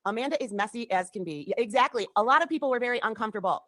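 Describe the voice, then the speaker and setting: A woman's voice: fairly high pitch, animated, rapid-fire, fairly bright tone, dry recording. A woman on a livestream, heatedly accusing someone and swearing. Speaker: livestreamer in a clip. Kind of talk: confrontational livestream rant. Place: home.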